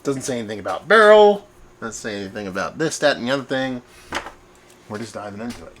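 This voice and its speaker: Speaking quickly at a medium pitch against a noisy backdrop, this man hosts a beer review vlog indoors at his home. His delivery is animated and chatty, wandering off on tangents and full of self-mockery.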